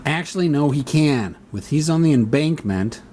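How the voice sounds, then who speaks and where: Working through a solo board wargame turn by turn, this man mutters to himself, reading rules aloud and reasoning them out. His voice sits a little high and sounds animated and mellow at a normal pace, with a bit of background noise.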